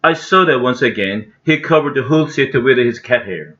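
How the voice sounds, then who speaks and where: A man's voice: medium pitch, animated, normal speed, a bit bright, highs cut off. A man with a Korean accent reading a children's storybook aloud, careful, with small slips and restarts. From South Korea. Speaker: English learner reading aloud.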